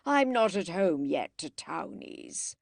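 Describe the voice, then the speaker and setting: A woman reading an audiobook, voicing a tired, brusque older man with clipped, lower-pitched lines. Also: sing-song, takes it slowly, creaky, dry recording, clean studio sound, full character voice. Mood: curt.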